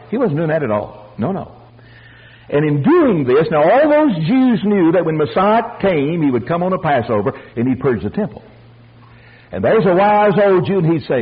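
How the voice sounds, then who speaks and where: An older man preaching a folksy storytelling sermon, animated and acting out the voices of the people in his stories. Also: high-pitched, normal speed, slightly rough, dull audio. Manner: animated, acts out voices, chuckles.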